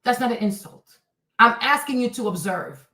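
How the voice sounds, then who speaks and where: A woman's voice: fairly high pitch, expressive, normal speed, bright, forceful tone, reverberant, far from the mic, low-quality recording. A woman livestreaming commentary, reading and answering her chat in a blunt, scolding way, repeating her points.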